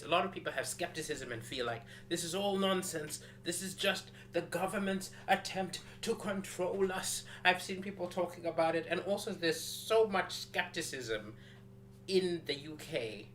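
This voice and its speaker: A male comedian riffs on a livestream from a rented flat, lively and playful, jumping into quoted voices. His tone is bright and forceful, cutting through a faint background hiss. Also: fairly high pitch. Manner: animated, acts out quotes, greets viewers by name. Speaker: stand-up comedian hosting a live stream. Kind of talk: casual livestream comedy chat.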